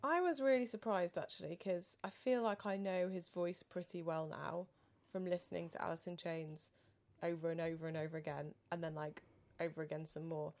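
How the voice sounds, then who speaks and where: A woman with a slightly low voice co-hosts a podcast, chatting casually into a studio mic. She muses and rambles, letting her sentences trail off quietly. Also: fairly even intonation, normal speed, hardly any pauses. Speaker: podcast co-host. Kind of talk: casual chat. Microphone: studio microphone.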